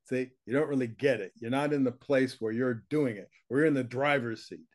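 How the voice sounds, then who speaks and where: A man's voice: medium pitch, brisk. An older man, a teacher, talks bluntly and emphatically in an interview and keeps checking in with his listener. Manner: emphatic, blunt, with frequent laughs and rhetorical check-ins. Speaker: consciousness teacher, guest.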